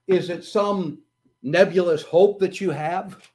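A male preacher delivering a sermon with earnest, emphatic conviction. His voice sits a little higher than most men's and he takes his time, drawing words out before pressing hard on key points. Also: steady tone, a little mellow. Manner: earnest, slow and emphatic, rising to bursts of intensity.

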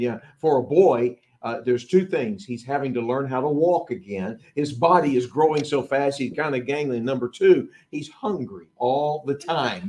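Delivering a sermon in a voice on the high side, a middle-aged preacher performs the disciples' lines himself. His volume shifts from forceful emphasis to quiet asides.

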